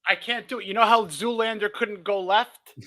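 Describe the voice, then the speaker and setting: A man with a high, bright, ringing voice, chatting eagerly as a sports podcast co-host. He is from New York and keeps poking fun at himself in quick, excitable banter. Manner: excitable, self-deprecating banter. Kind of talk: casual sports podcast chat.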